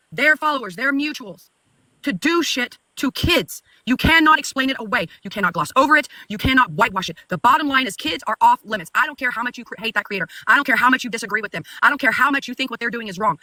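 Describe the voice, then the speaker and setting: Fast bright-voiced woman arguing heatedly. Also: on the high side, no echo. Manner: defensive, insistent, repeats herself. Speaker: livestream guest. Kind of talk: heated livestream argument.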